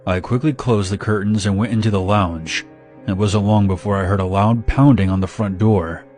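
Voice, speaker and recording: Low-voiced man narrating a horror story. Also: normal speed, faint music behind. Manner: steady, dramatic first-person retelling.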